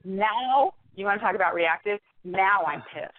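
A middle-aged woman, a guest, telling her story in a wry, animated, conversational way, laughing now and then. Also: medium pitch, moderate pace. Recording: tinny phone line, dry.

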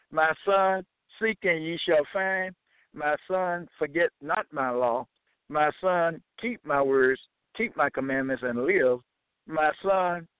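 A man teaching from scripture in a deliberate, measured way, citing each chapter and verse aloud. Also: fairly high pitch, smooth, no room sound. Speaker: bible teacher. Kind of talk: slow scripture reading and teaching. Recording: dry, tinny phone-like sound.

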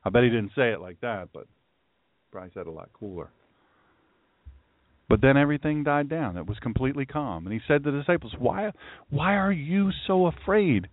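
A man's voice: medium pitch, expressive, fast, pauses often, no echo. A man preaching a sermon as a pastor, stressing his warnings and reading scripture aloud. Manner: emphatic, repeats warnings and scripture. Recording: tinny phone-like dry sound.

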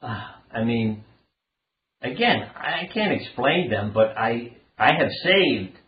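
This older doctor and author has a medium-pitched, very animated voice and takes his time. Guesting on a conversational interview, he earnestly spins rambling personal stories, heard through a phone-like line in a roomy space.

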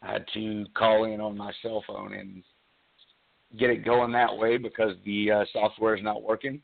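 Gravelly man on a tinny phone line. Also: on the low side, level tone. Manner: earnest, halting with many fillers. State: losing his voice. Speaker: radio show host. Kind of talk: talk radio introduction.

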